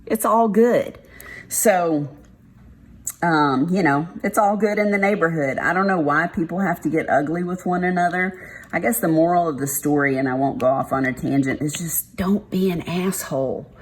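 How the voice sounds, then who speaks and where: A woman's voice: fairly low pitch, moderate pace, slight background noise. A woman with a Texas accent, chatting casually and frankly while she does a craft, with plenty of y'alls and mild swearing. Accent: Texan. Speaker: craft vlogger. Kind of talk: casual chat while diamond painting.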